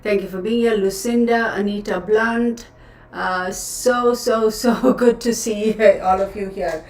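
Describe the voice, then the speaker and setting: A tarot livestream host chats in a casual, scattered way, often laughing at herself. Her mid-range voice moves with fairly even intonation at a slightly slow pace. The audio is roomy and distant, as if picked up by the camera.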